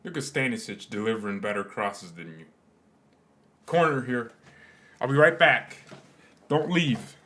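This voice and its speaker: A man's voice: mid-range voice, expressive, a little slow, pauses often, a bit bright. A man hosting a live fan watchalong, mixing match commentary with joking, rambling banter. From United States. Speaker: fan channel host.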